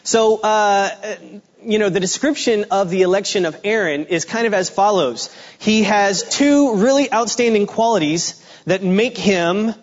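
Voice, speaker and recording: A man giving a guest sermon in a relaxed, conversational way, with fillers and restarts. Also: high voice, lo-fi sound. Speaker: guest preacher. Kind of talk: sermon with a joke opener.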